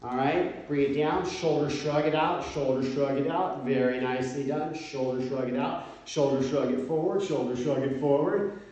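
A man's voice: mid-range voice, moderate pace, a little mellow. A man leading a home workout as a fitness coach, counting out reps and encouraging the listener. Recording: very echoey room, mic far off.

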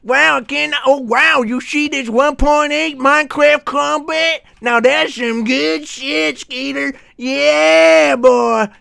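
A man putting on a high hollering redneck cowboy. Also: level tone, fast, smooth, no echo, clean studio sound, close to an everyday voice. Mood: boastful. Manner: whooping, rambling and boastful.

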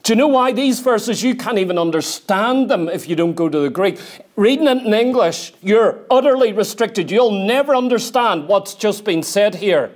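This preacher has a high male voice with lively intonation and a moderate pace. Earnest and forceful in church, he hammers home his key points by repetition and reads passages aloud from the King James Bible.

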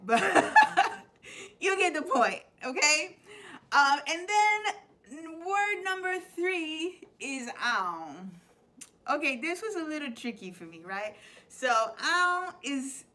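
Bright, chatty woman teacher explaining slang. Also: sits high, slow. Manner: chatty, laughs often, animated quotes. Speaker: teacher and show host. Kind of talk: playful vocabulary explainer.

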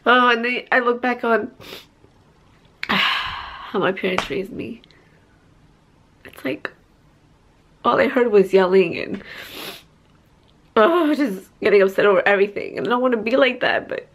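A woman's voice: fairly high pitch, unhurried, long pauses, fairly bright tone, poor audio. Candid rambling young woman vlogger. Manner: candid, rambling, sighs and trailing off. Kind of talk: casual vlog talk to camera. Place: family home indoors.

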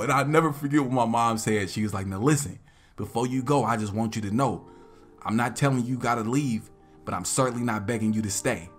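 A young man casually telling a funny story to his viewers, slangy and animated, acting out relatives in loud, high voices. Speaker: vlog host telling a story.

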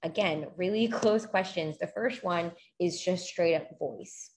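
A woman's voice: lowish voice, a little slow, a little mellow. A young woman talking casually to a group as a law school admissions tutor, chatty and full of fillers. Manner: chatty, many fillers and quoted questions. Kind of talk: casual talk to a live group.

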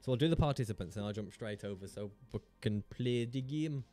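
A man's voice: mid-range voice, fairly quick, dark tone, faint music behind. A man chatting casually on a live stream, rambling, chatty and self-mocking, swearing freely into a desk mic.

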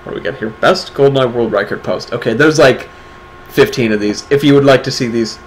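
A man's voice: medium pitch, a little fast, slight background noise, poor audio. A man hosting a casual livestream awards segment, talking in a wry, sarcastic, rambling way. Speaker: stream host presenting community awards.

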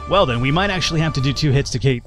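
Male gaming host, chatty and playful, talks over faint game music, mid-pitched voice. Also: expressive, rapid-fire. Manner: jokey, chatty, reads game text aloud. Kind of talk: casual let's-play commentary.

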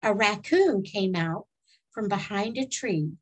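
A woman storyteller reading a children's book aloud in a slow, expressive way. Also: medium pitch, slightly rough, poor audio.

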